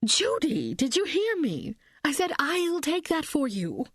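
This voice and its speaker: Give me a woman playing a loud, pushy older mother. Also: high voice, huge pitch swings, measured pace, no echo, clean studio sound, pitched above the performer's own voice, full character voice. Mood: bossy. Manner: loud, bossy, projecting.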